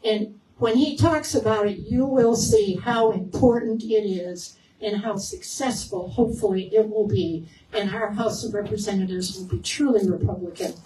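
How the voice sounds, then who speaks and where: A woman's voice: medium pitch, moderate pace, dark tone, distant mic. A woman running for the state House, giving an earnest campaign speech that urges voters. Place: event hall. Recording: echoey hall, faint noise, mic heard from afar.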